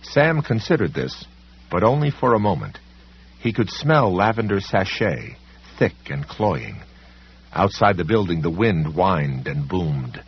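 An audiobook narrator reads a scripted story with dramatic, varied delivery. His low, husky voice has a sing-song lilt and an unhurried pace. The recording sounds dull and lo-fi.

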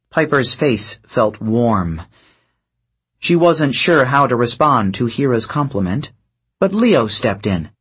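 A man narrating an audiobook in slow, expressive storytelling. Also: medium pitch. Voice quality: husky, breathy.

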